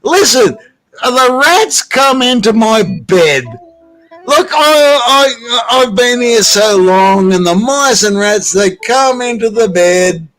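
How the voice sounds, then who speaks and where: A man with a notably high voice spins a slow, meandering tale, restarting his sentences and swearing freely as he goes. He talks casually from his desk at home, in an easy, unhurried chat. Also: expressive, a bit bright, faint music behind. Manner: rambling, profane storytelling.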